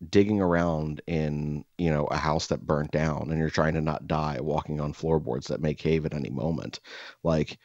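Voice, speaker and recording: Low-voiced man telling a rambling story. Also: darkish tone, dry recording. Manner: rambling with many fillers and swearing. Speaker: podcast co-host. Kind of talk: casual storytelling chat. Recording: dull lo-fi, dry.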